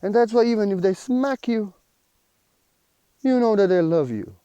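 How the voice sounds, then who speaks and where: A man's voice: sits high, animated, moderate pace, mellow, smooth, no room sound, lo-fi sound. A man giving a spiritual teaching monologue, earnest and repetitive, with slightly unidiomatic phrasing.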